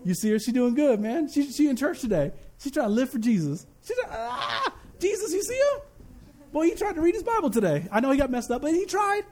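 A man voicing God as a proud new father who brags fondly and excitedly about his children. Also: very high-pitched, fairly quick. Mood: proud, boasting. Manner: bragging, fond, excited. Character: proud heavenly father boasting like a new dad.

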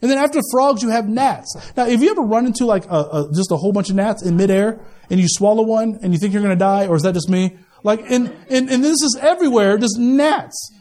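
A man's voice: high voice, animated, a little fast, few pauses, mellow. A male pastor preaching a sermon in a conversational, joking way, often repeating words as he starts a sentence.

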